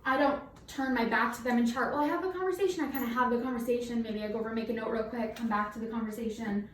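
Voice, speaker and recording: A woman's voice: on the high side, very fast, a little hiss or hum. A woman working as a night nurse, talking a little out of breath through a face mask as she teaches a nursing simulation in a chatty, informal way with many fillers. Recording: roomy echo, mic at a distance.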